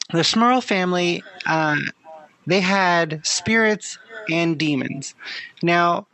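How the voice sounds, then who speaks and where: Easygoing podcast co-host, mid-pitched. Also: very slow, long pauses, a bit bright, rough recording. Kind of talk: casual podcast chat.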